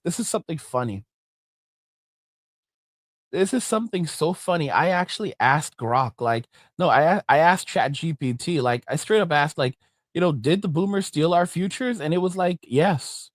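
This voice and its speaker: A man with a somewhat high voice gives an emphatic, indignant rant as a commentary host. The sound is close and dry, with no room echo. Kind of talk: reaction commentary with a promo.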